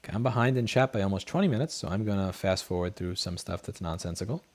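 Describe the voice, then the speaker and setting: Talking fast into a studio headset mic at his home desk, a man runs a late-night livestream in a slightly low, darkish voice. He's a blunt, profane, rambling storyteller who swears freely, chats casually and answers viewer messages.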